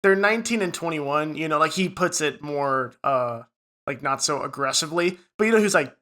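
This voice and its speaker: Young man, podcast co-host, bright, fairly high voice, profane, casual storytelling. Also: expressive, normal speed. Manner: swears a lot, retells a story with acted quotes. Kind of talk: casual chat.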